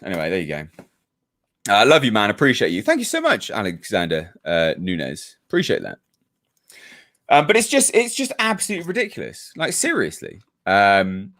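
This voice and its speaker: This man has a lowish voice with a fairly bright tone and a British English accent, being from the United Kingdom. A YouTube reviewer, he's hosting a casual live hangout where he reads viewer comments and rants, with plenty of swearing, about a neighbour.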